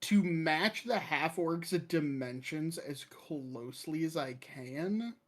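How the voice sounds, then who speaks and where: Very slow, halting tabletop player. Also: medium pitch, animated. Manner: halting, full of filler words. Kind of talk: casual tabletop play.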